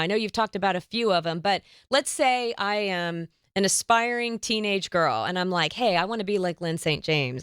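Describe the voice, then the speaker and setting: A woman's voice: medium pitch, a bit bright, smooth, no echo, studio quality. Bubbly woman podcast host. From United States. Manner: bubbly, laughs often, quick reactions. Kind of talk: casual interview chat. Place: studio set.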